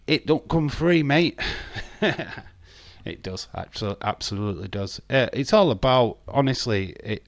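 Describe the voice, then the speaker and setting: A man with an English accent chats on a live stream, ranting bluntly and swearing freely. His voice is low and a little hoarse, and the sound is dry, with no room around it. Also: no room sound. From England. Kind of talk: casual live stream chat.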